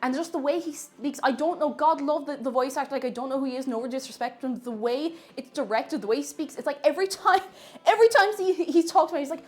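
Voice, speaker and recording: A young Irish woman streaming live while baking, chatting in a rambling, animated way, laughing often and reading out chat messages. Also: high-pitched, fast talker.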